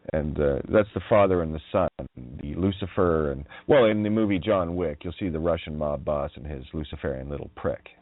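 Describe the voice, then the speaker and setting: A low-voiced man hosts a radio show, rambling through wordplay in a monologue full of laughter and profanity. The recording is dry, like a phone line, with no room sound.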